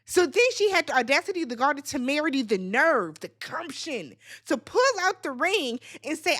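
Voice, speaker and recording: High-pitched woman ranting thru a reality show recap, super expressive, sassy, swears a lot. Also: moderate pace, few pauses. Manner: blunt, sassy and profane; talks straight to the people on the show.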